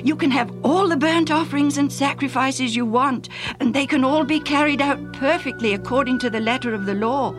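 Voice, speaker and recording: A woman's voice: mid-range voice, unhurried, close to an everyday voice. A woman reading a story aloud, voicing a devout, emotional man who stammers and repeats his words. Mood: excited. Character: earnest stammering adult man, a devout believer. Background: music.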